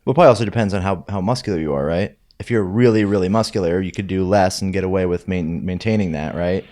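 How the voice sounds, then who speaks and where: A man's voice: sits low, quick pace, darkish tone. A man, a weightlifting coach, guesting on a podcast, telling stories in a dry, sarcastic way. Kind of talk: casual podcast chat.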